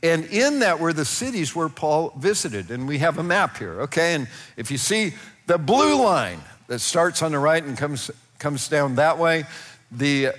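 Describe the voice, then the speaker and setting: A man preaching a sermon, telling the story with lively acted-out voices and frequent laughs. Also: a little high, unhurried, in a large hall. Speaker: pastor.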